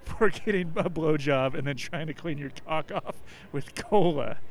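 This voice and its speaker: Man reading news deadpan on a podcast, slightly high voice, faint background noise. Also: normal speed, rough recording. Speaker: podcast co-host. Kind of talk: reading news aloud, casual comedy chat.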